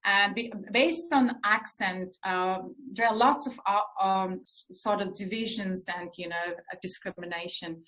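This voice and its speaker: A woman researcher answering interview questions in an earnest, explanatory way, pausing often with fillers as she thinks. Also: medium pitch, fairly bright tone, rough recording. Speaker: researcher guest.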